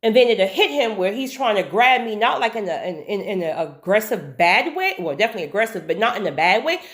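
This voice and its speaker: Animated woman telling a story. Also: mid-range voice, brisk. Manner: animated, emphatic, repeats words for effect; speaks directly to the viewer with casual asides. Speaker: storyteller sharing a personal faith story. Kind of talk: casual storytime monologue.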